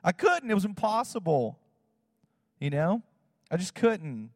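Male pastor, 30s, chatty sermon storyteller, slightly high pitch, long reverb tail. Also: unhurried, studio quality. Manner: animated, acts out quotes in other voices, fillers like "like" and "you know".

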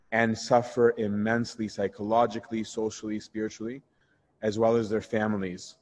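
A priest teaching a Bible study in a candid, conversational way, answering questions and telling personal stories. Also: male voice, lowish voice. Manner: candid and conversational, shifts into animated retelling.

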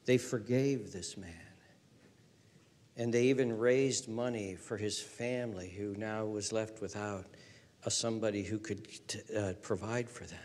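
A male pastor preaching a sermon, swinging from loud emphatic rises to hushed near-whispers and repeating phrases for emphasis. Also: on the low side, fairly even intonation, a little slow.

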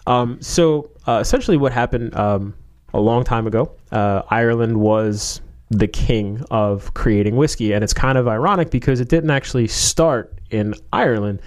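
A man's voice: medium pitch, moderate pace, few pauses. A man in casual chat, rambling through a story with many fillers, restarts and joking asides.

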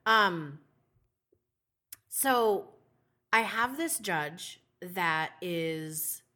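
Bright-voiced woman telling a story. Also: on the low side, very slow. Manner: animated storyteller, swears freely, acts out quotes. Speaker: podcast host. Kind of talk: casual chat.

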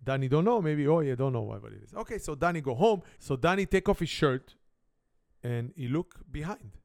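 A man's voice: fairly high pitch, lively intonation, fairly quick, creaky, a little mellow, no room sound, clean studio sound. A middle-aged man from Israel with an Israeli accent and broken English grammar, a native Hebrew speaker hosting a playful family spelling game and telling a comic story. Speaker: family game show host.

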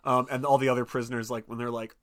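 A man in casual chat, recapping a movie in a rambling way and acting out lines in sudden high voices. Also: little pitch movement, quick pace, a bit bright. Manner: rambling, acts out character lines with pitch jumps.

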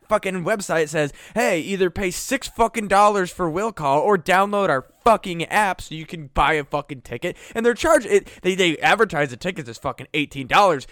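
A man's voice: fairly high pitch, a bit bright, no echo, studio quality. Foul-mouthed ranting young man. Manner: swears constantly, rants heatedly. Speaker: podcast co-host. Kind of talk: profane comedy podcast chat. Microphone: close podcast mic with headphones.

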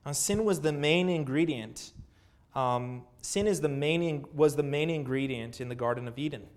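A man delivering a sermon from the pulpit, his voice sitting a little higher than most men's. He preaches earnestly, leaning on rhetorical questions and repeated phrases. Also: moderate pace. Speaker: pastor.

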